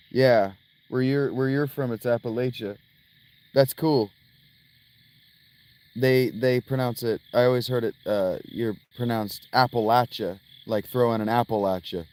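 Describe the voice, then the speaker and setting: A man's voice: mid-range voice, darkish tone. An American man streaming a game, rambling and joking casually with his chat. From United States. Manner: rambling, jokey, talks to chat. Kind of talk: casual gameplay commentary.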